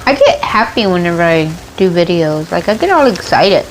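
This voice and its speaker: A woman's voice: lowish voice, very animated, normal speed, a little hiss or hum, poor audio. A woman hosting a mukbang eating show, chatting and rambling casually between bites, with a runny nose. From United States. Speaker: mukbang vlogger.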